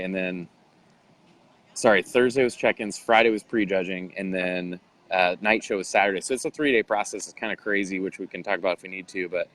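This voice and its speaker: Lower-voiced man telling a story animatedly. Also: poor audio. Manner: animated, acts out quoted voices. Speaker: interview guest, bodybuilder. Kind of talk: casual storytelling interview.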